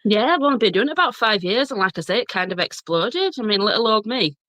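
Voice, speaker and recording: A woman's voice: mid-range voice, lively intonation, fast, fairly bright tone, no room sound. A woman in her thirties with a broad Yorkshire accent, a chatty guest who laughs often and tells ghost stories from her childhood. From Bradford, Yorkshire, England. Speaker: guest, blogger and journalist. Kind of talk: casual storytelling chat.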